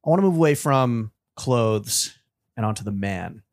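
A man's voice: mid-range voice, lively intonation, normal speed. A man co-hosting a podcast who teases his guest, jokes and swears freely. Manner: teasing, joking, swears freely. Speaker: podcast co-host. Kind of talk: casual chat.

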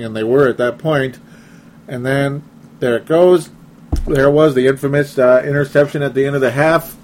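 A chatty man hosts a casual sports talk podcast in a voice of middling pitch. He reads listener comments aloud, laughs often and pokes fun at himself. A faint hiss of noise sits under the recording. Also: steady tone, moderate pace, darkish tone.

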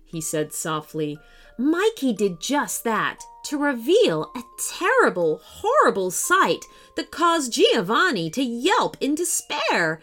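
Slow, lively woman storyteller. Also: medium pitch, faint music behind. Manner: expressive, dramatic read-aloud. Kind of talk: children's story narration.

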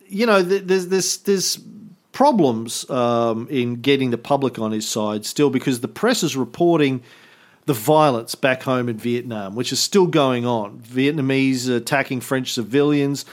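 A man co-hosting a history podcast, talking casually with sarcastic jokes and many fillers. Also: medium pitch. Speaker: podcast co-host.

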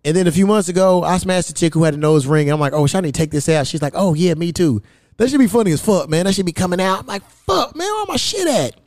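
A young man hosting a podcast tells loose, profane stories in casual chat, jumping his pitch high whenever he quotes someone. He talks fast in a slightly mellow voice, with no room sound.

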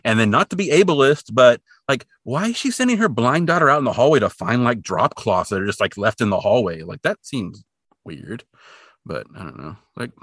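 A man's voice: medium pitch, sing-song, normal speed, fairly bright tone, breathy edge, no room sound, studio quality. A man co-hosting a podcast, recapping an episode in casual, rambling chat and briefly putting on voices for the characters. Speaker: podcast co-host.

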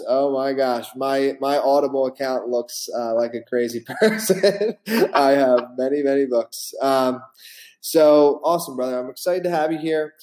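Mellow, upbeat male podcast host. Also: mid-range voice, normal speed. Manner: upbeat, friendly and casual. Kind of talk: casual interview hosting.

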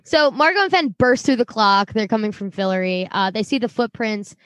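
A woman co-hosting a casual show recap, animated, swearing freely and laughing often. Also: fairly high pitch, fairly quick, dry recording. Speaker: podcast co-host, book reader.

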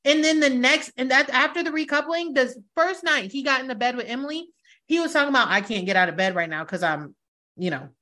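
A bright, crisp woman's voice pitched a little high, hosting a casual podcast chat. She talks bluntly and emphatically, swears freely, and acts out the lines of the people she talks about. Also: brisk. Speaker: podcast host.

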